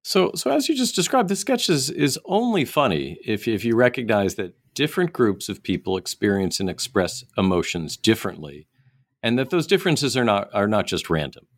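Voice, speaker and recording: A man's voice: on the low side, sing-song, moderate pace, no echo. A male host asking long, hesitant interview questions full of restarts. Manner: hesitant, with many fillers and restarts.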